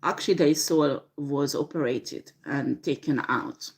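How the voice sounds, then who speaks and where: Slow, low-voiced woman doing a tarot reading. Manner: slow, hesitant, many fillers. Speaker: tarot reader. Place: home with a dishwasher running.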